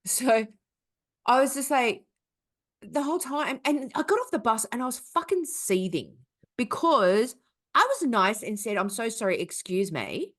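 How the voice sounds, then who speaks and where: Woman, young adult, podcast co-host, swearing storyteller, lively rising and falling pitch. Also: measured pace. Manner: animated, profane storytelling. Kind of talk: casual chat.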